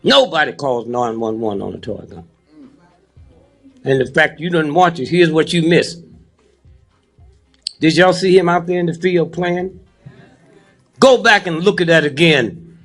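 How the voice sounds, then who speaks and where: Faint music plays behind a man in his eighties as he talks to a live audience, joking while preaching and prodding them with "huh?" and "hmm?" His somewhat high, slightly bright voice moves at a measured pace with long pauses.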